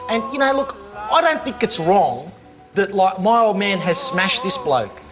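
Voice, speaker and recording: Blustery Aussie pizza owner, high voice, taunting. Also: male voice, very animated, unhurried, over loud music. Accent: Australian. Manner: blustery, taunting, "mate" and "sucked in". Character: brash male pizza shop owner, defiant and mocking.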